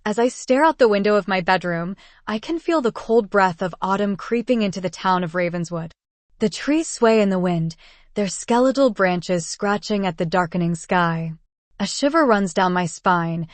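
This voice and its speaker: A woman giving a steady, measured first-person narration of a story as an audiobook narrator. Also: mid-range voice, no room sound.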